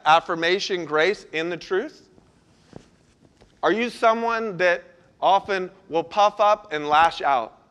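High-voiced man preaching earnestly. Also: a bit bright. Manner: earnest, conversational preaching with rhetorical questions. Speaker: pastor. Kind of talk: sermon.

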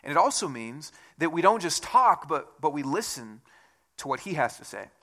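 A man preaching a conversational sermon as a church pastor, with self-deprecating asides and a relaxed, talky delivery. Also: on the high side, moderate pace.

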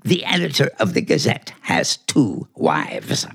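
A man's voice: sits low, wildly swooping pitch, measured pace, creaky, fairly bright tone, breathy edge, heavily acted. An actor playing a clever, bossy talking male house cat in a 1940s radio play, smug and theatrical. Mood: scheming.

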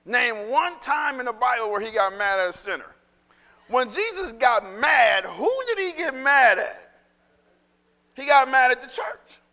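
A male pastor preaching a sermon in an animated, conversational way that swings into shouting. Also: extremely high pitch, measured pace, long reverb tail.

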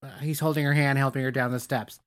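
A podcast co-host in casual chat, telling stories in an animated way and acting out what people said. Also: medium pitch, fast talker. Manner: animated storytelling, quotes people.

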